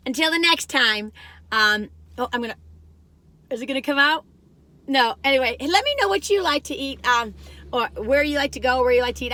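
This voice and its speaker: A woman in her sixties, retired, chatting casually and rambling from one story to the next while taste-testing food for her vlog. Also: a little high. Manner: lively swings between loud excited bursts and quiet musing. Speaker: food vlogger. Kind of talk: casual taste-test chat.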